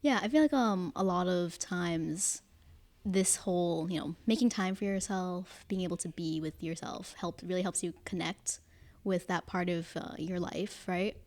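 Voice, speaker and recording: Young woman host asking gentle questions. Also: fairly low pitch, moderate pace. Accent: Californian. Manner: hesitant questioning, frequent affirming murmurs. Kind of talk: casual chat.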